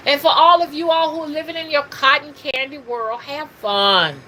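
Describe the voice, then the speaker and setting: A woman's voice: sits high, normal speed, hardly any pauses, sharp tone, a little hiss or hum, poor audio. A middle-aged woman, talking casually and preachily to her livestream viewers, calling them y'all. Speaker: spiritual reader and livestream host.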